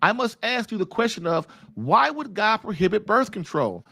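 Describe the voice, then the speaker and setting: A man's voice: sits high, moderate pace, gravelly, dry recording, clean studio sound. A man hosting a podcast, talking earnestly in a loose, preaching-style manner and addressing listeners directly. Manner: animated, earnest, conversational with "man" and "you know". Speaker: podcast host. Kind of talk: preaching-style casual talk.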